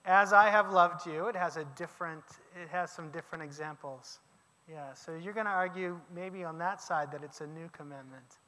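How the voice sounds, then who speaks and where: A man teaching a class, lecturing with lively questions to his students. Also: fairly high pitch, moderate pace, big-room sound.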